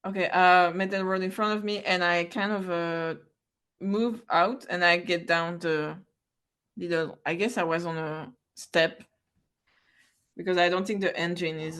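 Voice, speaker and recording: A woman playing a tabletop game, talking in an animated, hesitant way and often exclaiming. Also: on the low side. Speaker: player.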